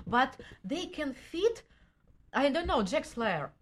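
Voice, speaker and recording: A woman's voice: high-pitched, big pitch swings, slow pace, a crowd in the background. A young woman with a Russian accent, speaking broken English and laughing often as a guest in a casual chat.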